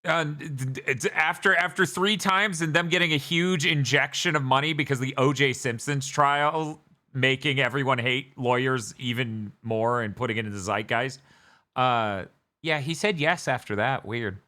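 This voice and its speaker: A man hosting a podcast, rambling through an animated casual story. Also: mid-range voice, moderate pace. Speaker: podcast host. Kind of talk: casual chat.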